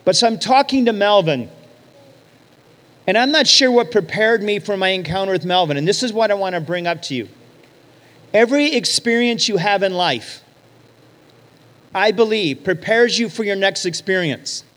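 A man preaching a sermon as pastor, telling stories in a lively way and acting out the voices he quotes. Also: sits high, normal speed, long pauses. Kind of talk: sermon storytelling. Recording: long hall reverb.

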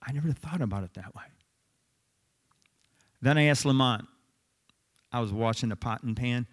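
A middle-aged man preaching a sermon, telling stories in an animated, conversational way. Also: mid-range voice, moderate pace. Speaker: pastor.

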